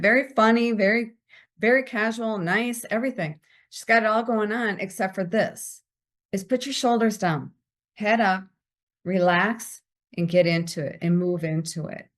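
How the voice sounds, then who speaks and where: A woman speaking as a podcast guest, giving lively career advice and acting out bits of small talk. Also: mid-range voice, normal speed. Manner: animated, acts out quoted small talk. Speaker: guest, visibility strategist.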